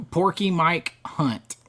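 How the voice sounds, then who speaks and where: A man's voice: a little high, lively intonation, extremely slow, sharp tone. A middle-aged man hosting a live stream, chatting casually and rambling as he reads viewer comments, often chuckling between thoughts.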